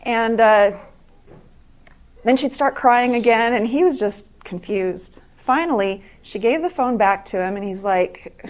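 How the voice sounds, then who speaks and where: A middle-aged woman giving an earnest talk to an audience, telling true stories in a halting way with many restarts. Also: on the high side.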